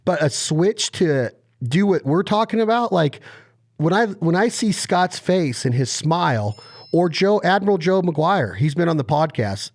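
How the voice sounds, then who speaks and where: A man's voice: a little high, a little slow. Impassioned man hosting a podcast. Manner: animated storyteller, impassioned and emphatic. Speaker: podcast host. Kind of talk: casual podcast interview.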